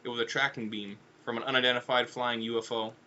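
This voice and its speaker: A man's voice: medium pitch, fairly even intonation, quick pace, highs cut off, very noisy. A man narrating a comedic audiobook in a casual, offhand way with irreverent asides.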